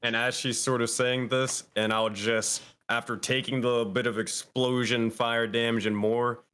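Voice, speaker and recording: A man's voice: mid-range voice, little pitch movement, a little slow, a bit bright, clean tone. A man playing in a tabletop game, eagerly jumping in and restarting his sentences. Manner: eager, interjecting, restarting phrases. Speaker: player.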